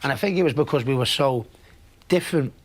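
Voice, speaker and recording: A man's voice: medium pitch, quick pace. A middle-aged man, telling rambling, laugh-filled anecdotes in an interview. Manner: chatty, laughs often, rambling restarts. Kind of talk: casual anecdotes. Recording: background noise.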